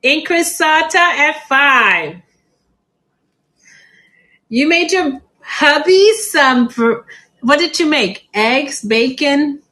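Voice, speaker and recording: A woman's voice: high voice, slow pace, a bit bright, rough recording. A middle-aged woman hosting a live plant sale stream, chatty and laughing often.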